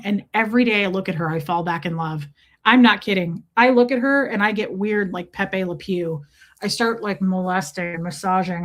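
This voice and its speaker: A woman's voice: mid-range voice, fairly bright tone. A woman hosting a casual livestream, chatting, reading comments aloud and baby-talking to her dogs. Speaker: livestream host.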